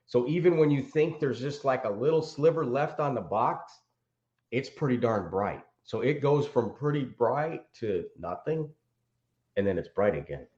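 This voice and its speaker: A man's voice: mid-range voice, lively intonation, normal speed, a little mellow. A man who is a podcast guest, explaining things eagerly, with stumbling restarts. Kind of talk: casual podcast chat. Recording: echoey muffled remote audio.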